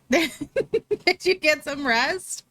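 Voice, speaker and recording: A woman's voice: sits high, animated, extremely slow, fairly bright tone, no echo. A young woman streaming, chatting casually with her viewers and laughing often as she reads chat aloud.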